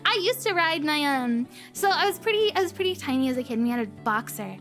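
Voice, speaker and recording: A woman's voice: sits high, sing-song, fast, fairly bright tone. A woman streamer chatting casually in a bubbly, rambling, playful way. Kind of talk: casual chat. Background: faint background music.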